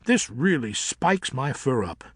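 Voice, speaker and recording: A man's voice: mid-range voice, big pitch swings, a little slow, husky, no room sound, clean studio sound. A man voicing a young, curious and headstrong male bat who speaks earnestly and impatiently.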